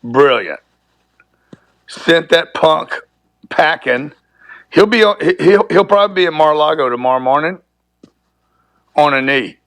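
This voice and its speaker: Man, guest caller, forceful and profane debater, dry close sound. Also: a little high, lively intonation, a little slow, long pauses, no room sound. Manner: emphatic, profane, repeats himself for stress. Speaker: guest on a live talk show. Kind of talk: heated casual debate. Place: remote call from a resort.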